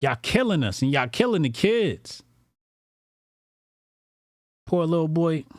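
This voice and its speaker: A man hosts a political commentary livestream, reading out viewer donations and talking bluntly and profanely with lots of repetition. His voice is a little high with big pitch swings and a slow pace, recorded clean in a studio with no echo.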